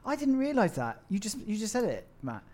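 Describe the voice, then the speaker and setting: A man's voice: high-pitched, wildly swooping pitch, a little fast, mellow, slight background noise. A man co-hosting a casual podcast, swearing and teasing the others in banter. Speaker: podcast co-host. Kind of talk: casual chat.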